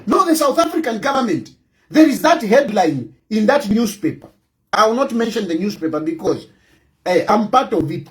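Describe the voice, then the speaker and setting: A middle-aged man with a Zambian accent, delivering a fervent political commentary, repeating himself and often raising his voice to a shout. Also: very high voice. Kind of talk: impassioned monologue.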